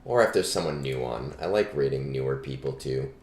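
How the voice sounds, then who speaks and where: Deep-voiced male streamer, loose and chatty with lots of ums, cheap mic in a boomy room. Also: fairly quick, roomy sound, slight background noise. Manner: relaxed, chatty, frequent ums. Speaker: streamer giving game advice. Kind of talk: casual live-stream chat. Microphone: budget starter microphone.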